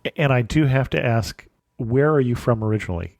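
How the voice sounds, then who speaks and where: A man's voice: medium pitch, brisk, gravelly, darkish tone, dry recording. Friendly man hosting, dry close sound. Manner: friendly, wry, asks questions. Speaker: podcast host. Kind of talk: casual travel interview.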